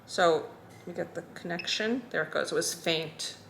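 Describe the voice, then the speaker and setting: A woman teaching a skincare routine, calmly talking through each step as she demonstrates it. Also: on the low side, moderate pace, vocal fry, a little hiss or hum. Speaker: skincare instructor.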